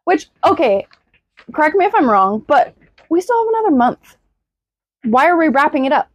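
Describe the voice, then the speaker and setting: A woman's voice: sits high, sing-song, moderate pace, no echo. A woman co-hosting a podcast in casual chat, jokey and swearing freely, talking into a small shared microphone. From southern United States. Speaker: podcast co-host.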